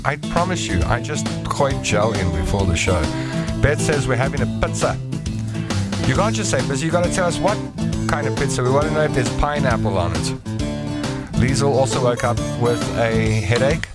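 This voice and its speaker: Loud music plays behind a South African man whose medium-pitched voice is animated and moderately paced. He hosts a casual solo chat show, reading out listener messages in a playful, jokey way full of rambling asides.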